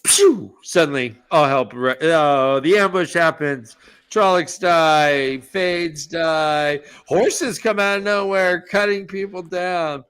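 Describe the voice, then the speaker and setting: A man hosting a casual book podcast, retelling chapters with animated energy and quick jumps into quoted lines. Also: on the high side, clean tone. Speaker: podcast host. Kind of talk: casual chat recapping a book.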